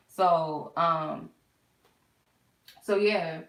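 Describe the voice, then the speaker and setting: A woman's voice: fairly low pitch, fairly even intonation, moderate pace. A young woman who reads tarot, telling a personal story in a candid, casual way with frequent swearing. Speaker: tarot reader. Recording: echoey room.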